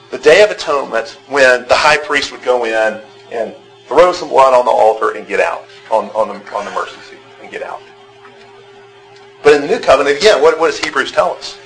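A man's voice: medium pitch, fairly bright tone, low-quality recording. Man teaching a church class. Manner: conversational, asks the class questions, repeats words when restarting. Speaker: Bible teacher. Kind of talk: interactive church class lecture.

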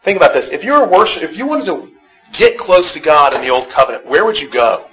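A man's voice: a little high, animated, fast, a bit bright, rough recording. A man teaching a Bible class, talking conversationally, asking the group questions and often repeating words as he restarts. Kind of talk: interactive church class lecture.

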